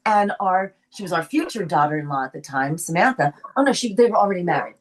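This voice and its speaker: An older actress from the Bronx with a faint New York accent, telling stories in a casual interview and laughing often. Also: female voice, on the low side, fast. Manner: animated storyteller, laughs often. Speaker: actress guest.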